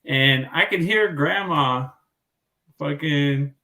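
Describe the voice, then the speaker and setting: Slow-talking profane man. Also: medium pitch, a bit bright. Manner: slow, profane, laughs easily. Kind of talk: casual chat.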